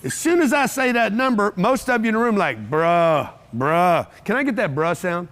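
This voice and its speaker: Brash seminar speaker, man, high pitch, blunt and profane, talks to a live crowd. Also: animated, a little fast, a bit bright. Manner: brash, blunt and profane, with repeated rhetorical questions. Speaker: motivational speaker. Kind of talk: live seminar talk to an audience. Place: event room with a live audience.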